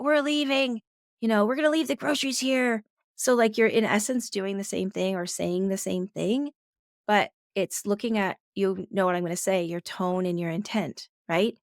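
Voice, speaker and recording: A woman's voice: medium pitch, no echo, clean studio sound. A woman co-hosting a parenting podcast in casual conversation, talking in a reflective way and thinking aloud with many fillers.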